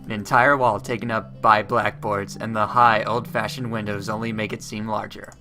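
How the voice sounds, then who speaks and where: A man's voice: lowish voice, flat delivery, normal speed, over music. A man reading a visual novel aloud with chatty asides, often stumbling and restarting on words. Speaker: let's player.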